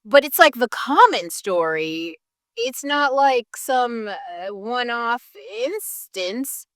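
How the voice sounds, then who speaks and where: A woman's voice: fairly high pitch, big pitch swings, takes it slowly, a bit bright, no room sound, studio quality. A woman ranting casually to camera, swearing often, packing her talk with "like" fillers and laughing in bursts. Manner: profane, heated, heavy "like" fillers, laughs mid-sentence. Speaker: vlogger.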